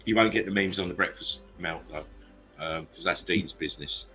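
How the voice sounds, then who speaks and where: A man's voice: deep voice, moderate pace, bright, forceful tone, soft background music. A man hosting a livestream chat show, talking in a loose, chatty way and laughing easily. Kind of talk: casual chat.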